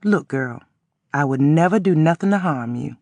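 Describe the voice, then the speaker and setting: A frail old man wheezes out his words in a low, weak voice, as a man reads him in an audiobook. He talks bluntly and plainly, in a folksy, drawn-out way. The sound is close and dry. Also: lively intonation, darkish tone, dry recording.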